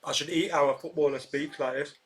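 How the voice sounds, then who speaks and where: A man reacting live to a football match as a fan, getting excitable, swearing and shouting at the referee. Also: on the high side, fast talker. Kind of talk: live match watch-along commentary.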